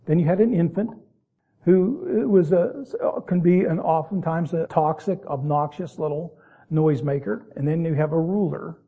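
Male preacher, sermon, folksy asides between scripture readings, somewhat high voice, husky tone, tinny phone-like sound. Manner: reads King James verses, then explains them in plain folksy asides; stretches words out slowly for emphasis.

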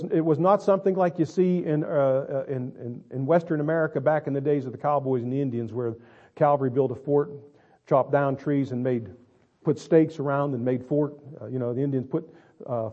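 A male pastor preaching a sermon, swinging between quiet asides and drawn-out, emphatic lines. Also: mid-range voice, lo-fi sound. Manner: dramatic, swings between quiet and loud, stretches words.

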